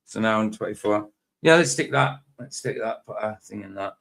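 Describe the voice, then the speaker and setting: A man's voice: lowish voice, lively intonation, a little fast, gravelly, a bit bright. A man hosting a live stream in casual, rambling chat, often chuckling and talking to himself.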